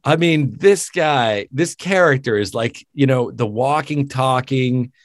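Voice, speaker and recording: A man co-hosting a podcast, talking about a film in casual chat, animated and mocking, laughing often. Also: medium pitch, measured pace, no echo, studio quality. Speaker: podcast co-host. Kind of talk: casual movie review chat.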